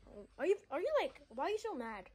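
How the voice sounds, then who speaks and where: High, lively young female prankster. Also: fast talker. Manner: playful, teasing. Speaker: vlogger. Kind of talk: casual prank vlog chat.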